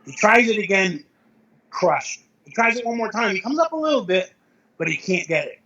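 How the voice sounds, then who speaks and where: Husky-voiced middle-aged man telling stories. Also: high-pitched, expressive, normal speed, sharp tone, muffled recording. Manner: rambling anecdotes with self-corrections and chuckles. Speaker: interview guest, veteran powerlifter. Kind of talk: casual storytelling interview.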